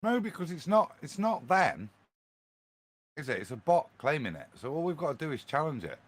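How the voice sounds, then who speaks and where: A man on a panel chat who speaks bluntly and with confidence. His pitch swings widely, lively and animated. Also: moderate pace.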